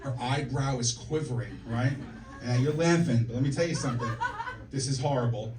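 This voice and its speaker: A man in his forties with a mid-range voice tells punchy stories at a moderate pace in a brash, profane stand-up set on a comedy club stage. Background noise and audience laughter fill the echoey, distantly recorded club.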